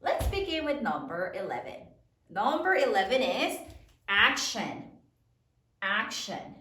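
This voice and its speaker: A woman teaching a spelling lesson to third graders, slowly sounding out each letter in a sing-song way. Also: fairly high pitch, big pitch swings, pushed and bright, reverberant, distant mic, a little hiss or hum. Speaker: elementary school teacher.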